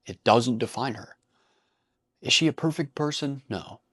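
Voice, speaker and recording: Here a man with a mid-range, slightly bright and breathy voice talks a little slowly. He runs a commentary channel, and in this casual vlog he's blunt and profane, frequently breaking into laughter.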